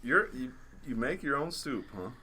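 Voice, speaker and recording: A man's voice: mid-range voice, animated, normal speed, sharp tone, husky. A young man in casual podcast chat, cracking dry jokes and laughing partway through sentences.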